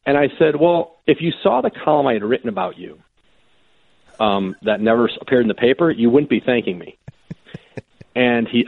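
Male sports reporter guest, husky, storytelling on a tinny phone line. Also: medium pitch, no echo. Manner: animated anecdotes with quoted voices and frequent restarts. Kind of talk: conversational storytelling.

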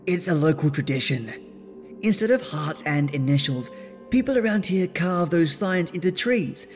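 A man voicing a carefree, playful young woman who talks in a high, insistent, girlish way. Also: expressive, normal speed, faint music behind, natural voice.

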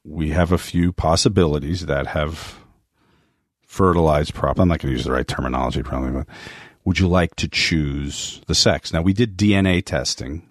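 A man's voice: extremely low pitch, normal speed, no echo, studio quality. A man co-hosting a podcast who reads out listener questions and tells joking personal anecdotes. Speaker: podcast co-host. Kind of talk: casual podcast chat.

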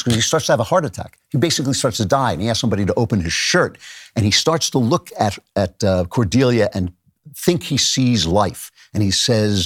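A man with a fairly low voice delivers a commentary monologue as a podcast host. He slows down deliberately to stress his key points and lifts his voice when he reads out quoted verse. The recording is dry and close, with almost no room sound. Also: lively intonation, slightly rough, no echo.

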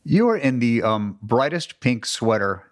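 A man's voice: mid-range voice, animated, unhurried. A man co-hosting a podcast, chatting casually and joking around. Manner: playful, joking. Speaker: podcast co-host. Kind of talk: casual chat.

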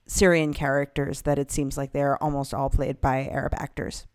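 A podcast co-host in casual chat, measured and informative. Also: medium pitch, flat delivery, clean tone, no echo.

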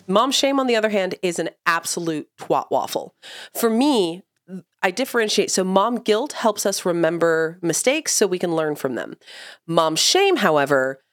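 A woman's voice: mid-range voice, no echo, studio quality. A woman co-hosting a parenting podcast, joking bluntly and sarcastically. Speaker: podcast co-host. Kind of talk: casual chat.

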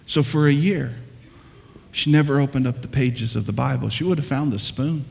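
A male pastor delivering an energetic sermon with touches of humor, building up to fired-up exclamations. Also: medium pitch, normal speed, vocal fry, a little hiss or hum. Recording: long reverb of a large hall.

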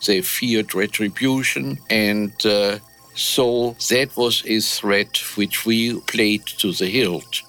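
An older man from Germany, interviewed about his past, speaking in a measured way with pauses. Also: on the low side, steady tone, pushed and bright, faint music behind. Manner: measured, pausing with "uh". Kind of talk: recalled wartime testimony.

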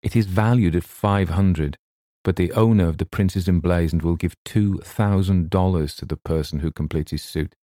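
A man voicing a calm, concerned middle-aged gentleman who speaks in a measured, gently pressing way in a read story. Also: low voice, no room sound, clean studio sound, natural voice. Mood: earnest.

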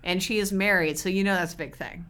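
A woman co-hosting a podcast in casual banter, enthusiastic and animated, laughing easily. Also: fairly low pitch, quick pace. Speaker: podcast co-host.

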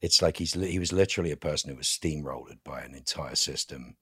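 A man, an actor guest on a podcast, telling stories in a lively, emphatic casual interview. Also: extremely low pitch, fast, breathy edge, no room sound, studio quality.

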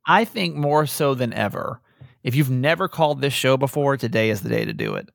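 A man's voice: mid-range voice, a little fast, vocal fry, dry recording, studio quality. A young adult man co-hosting a podcast, talking candidly in a casual chat and pushing with frank questions. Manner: candid, animated, talks in bursts with restarts. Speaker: podcast co-host.

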